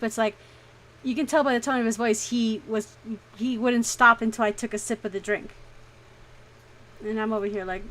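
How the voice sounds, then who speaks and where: A young woman streamer telling a story in casual chat, animated and swearing freely. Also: a little high, normal speed, low-quality recording.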